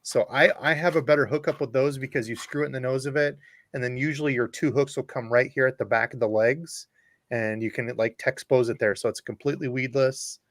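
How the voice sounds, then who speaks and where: A man's voice: medium pitch, steady tone, a little fast, dry recording. Man joking about fishing gear. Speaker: host of a live fishing stream. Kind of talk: casual chat.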